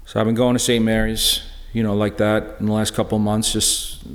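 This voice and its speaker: A middle-aged man giving a personal testimony talk in a church, halting and earnest, full of restarts. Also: lowish voice, completely flat delivery. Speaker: lay speaker sharing a personal witness. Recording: echoey church hall.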